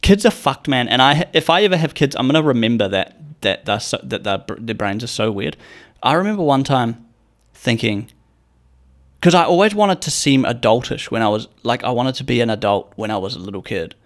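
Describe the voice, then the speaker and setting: A man's voice: medium pitch, brisk. A young man telling stories in a casual, rambling monologue, swearing freely and acting out the people he quotes. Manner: rambling and profane, with animated quoted voices.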